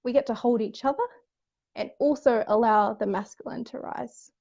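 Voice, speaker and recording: A woman's voice: on the high side, moderate pace, gravelly, darkish tone. Earnest woman host, lo-fi sound. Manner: earnest, swears casually, frequent restarts. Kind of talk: casual spiritual chat.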